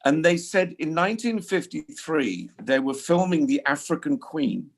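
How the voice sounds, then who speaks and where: Older man, gravelly voice, casual chat, restarts sentences a lot. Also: fairly high pitch, animated, moderate pace. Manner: rambling with frequent restarts. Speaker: guest. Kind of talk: casual conversation.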